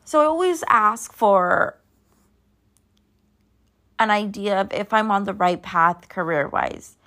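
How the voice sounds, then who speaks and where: A woman's voice: medium pitch, sing-song, slow, pushed and bright. A woman in her thirties hosting a podcast, chatting casually and sleepily, rambling and drifting off track. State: sleepy, yawning. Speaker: podcast host. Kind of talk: casual solo chat.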